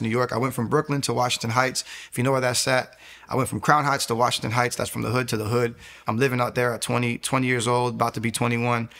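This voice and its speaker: A man's voice: medium pitch, gravelly, fairly bright tone. A man telling his own faith testimony as an interview guest, earnest and candidly confessional. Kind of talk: personal testimony storytelling.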